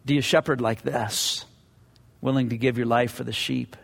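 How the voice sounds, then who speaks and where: A man's voice: mid-range voice, flat delivery, normal speed, gravelly, slightly rough, in a large hall. A man preaching a sermon as pastor, earnest and conversational, often repeating his words as he goes.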